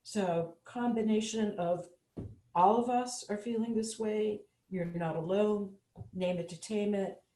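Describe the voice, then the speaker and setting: A woman on an online panel who tells a short story and then gently leads a mindfulness practice. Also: mid-range voice, measured pace, echoey room, slight background noise, low-quality recording. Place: home room, video call.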